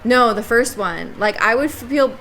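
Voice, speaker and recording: A woman's voice: fairly high pitch, lively intonation, unhurried, a bit bright. A woman co-hosting a podcast in casual chat, thoughtful and laughing often, with many "like"s. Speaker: podcast co-host.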